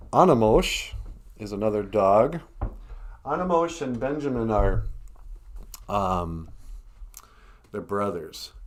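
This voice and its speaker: A man hosting a casual live stream, talking hesitantly with many pauses and fillers. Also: on the low side. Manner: hesitant, many ums and uhs. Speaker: host.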